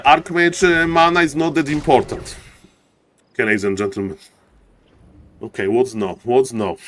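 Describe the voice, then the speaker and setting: A man casting a live strategy-game match as an esports streamer, hyped and playful, with showman patter and rambling asides. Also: on the high side. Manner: hyped, showman patter, keeps saying "ladies and gentlemen".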